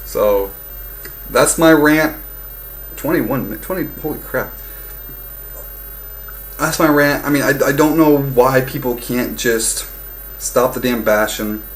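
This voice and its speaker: A young man ranting casually about football, heated and profane, swinging between loud outbursts and low muttering. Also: slow pace, long pauses, slight background noise, rough recording. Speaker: fan vlogger. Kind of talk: casual sports rant.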